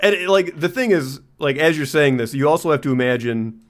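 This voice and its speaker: A man co-hosting a comedy podcast, riffing in an excitable, casual way. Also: on the high side, a little fast. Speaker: podcast co-host.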